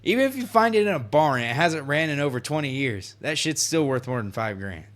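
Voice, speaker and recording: A man's voice: on the high side, very animated, fairly quick, fairly bright tone. A nineteen-year-old man chatting casually on a podcast, laughing, swearing and acting out what people said. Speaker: podcast co-host. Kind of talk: casual chat.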